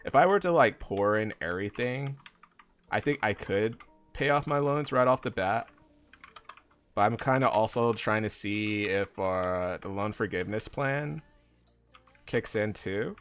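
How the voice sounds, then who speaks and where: A young man talks to his viewers while he plays, in a fairly low voice. He rambles loosely and leans on fillers as he answers chat. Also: animated, measured pace, fairly bright tone, clean tone. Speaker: streamer. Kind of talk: casual live-stream chat while gaming.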